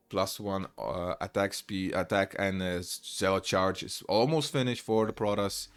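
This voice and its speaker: A man casting a real-time strategy match live, chatty and quick to burst into excited shouts. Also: low-pitched. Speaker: esports caster. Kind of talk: live play-by-play game commentary.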